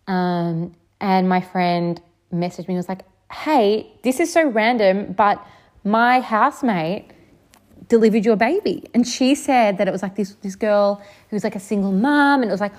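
A woman's voice: mid-range voice, a little mellow. A young woman vlogger casually telling a personal story, chatty and full of "um" and "like".

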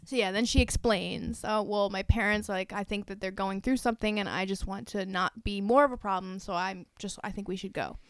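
A woman's voice: medium pitch, steady tone, fairly quick, hardly any pauses, no echo. A young adult woman co-hosting a podcast, recapping a movie in casual chat and acting out the characters' lines. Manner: chatty, acts out lines, filler "like". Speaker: podcast co-host.

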